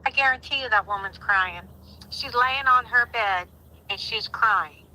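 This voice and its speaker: A woman's voice: fairly high pitch, a little slow, pushed and bright, poor audio. A woman in her sixties calling in to a live stream, talking earnestly and pleadingly, her voice rising sharply when she grows indignant. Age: 60s. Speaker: caller. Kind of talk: emotional call-in on a live stream.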